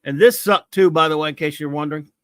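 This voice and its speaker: Scornful high-voiced American man ranting. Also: fast talker, a bit bright, no room sound, studio quality. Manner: scornful, mocking, repetitive rants. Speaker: comics talk show host. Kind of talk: ranting comic review.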